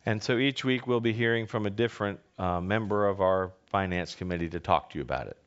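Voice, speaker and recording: A middle-aged male pastor from North America, giving a folksy sermon with halting restarts and swings in pitch. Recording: dull lo-fi sound.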